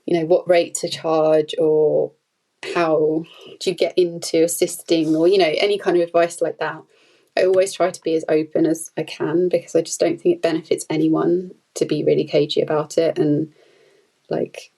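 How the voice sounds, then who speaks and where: Woman, low gravelly tone, relaxed rambling chat. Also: moderate pace, low-quality recording. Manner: chatty, rambling, with frequent fillers and laughs. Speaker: podcast guest, food photographer. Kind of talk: casual conversational interview.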